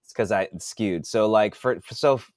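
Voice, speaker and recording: A man who writes books, talking casually in a podcast monologue, swearing a lot and working out sums out loud. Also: on the low side, normal speed, no echo, clean studio sound. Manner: profane, thinks aloud while doing math. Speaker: author.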